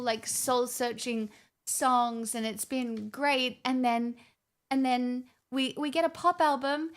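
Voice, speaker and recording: A woman streamer in casual livestream chat, rambling with restarts and swearing freely. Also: high-pitched.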